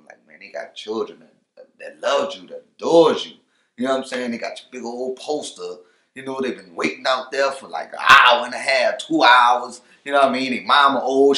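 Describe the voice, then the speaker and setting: A man, a rapper, talking casually in an interview, loose and laid-back, leaning on "you know" and "for real", and getting loud when he is fired up. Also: medium pitch, roomy sound.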